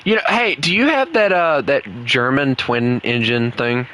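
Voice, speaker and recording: A gaming streamer chats casually at home while playing an online game with friends, rambling and joking with his teammates. His mid-range voice is bright and forceful, a little slow, with a clean tone.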